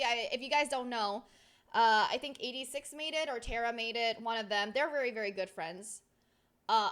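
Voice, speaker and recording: Bright, high-voiced young woman streamer. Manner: excitable, rambling, voice swings loud and soft. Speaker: VTuber streamer. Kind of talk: casual chat, storytelling.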